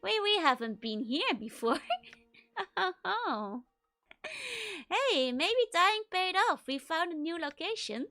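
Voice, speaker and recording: A woman's voice: very high-pitched, big pitch swings, slow pace, sharp tone. A young woman streaming a game, giggly, casually reassuring herself as she plays. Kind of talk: casual gameplay commentary.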